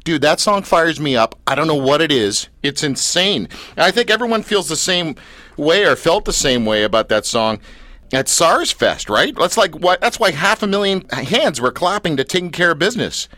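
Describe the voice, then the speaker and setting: Male interviewer, excitable fan energy, slangy, bright tone, dry sound. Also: fairly high pitch, moderate pace, no echo. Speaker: interview host. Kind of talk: casual interview chat.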